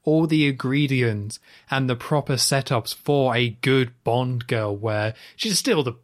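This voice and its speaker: A man co-hosting a film podcast in casual chat, animated and rambling, with lots of "like"s. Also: medium pitch, a little slow. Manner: animated, talks in long run-on stretches with many "like"s. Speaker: podcast co-host.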